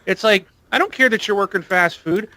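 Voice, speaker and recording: Bright high-voiced ranting man. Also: a little fast, no echo. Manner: exasperated ranting, emphatic complaints. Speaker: podcast co-host. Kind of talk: casual gaming podcast chat.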